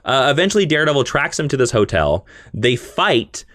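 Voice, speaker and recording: A man hosting a podcast, telling a story in a casual, animated way and acting out characters as he goes. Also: medium pitch, brisk, dry recording, clean studio sound. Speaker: podcast host. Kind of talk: casual chat.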